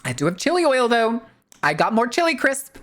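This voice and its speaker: A woman's voice: a little high, sing-song, a little fast. A woman VTuber streamer in casual, rambling live-stream chat, swearing freely and using plenty of filler words.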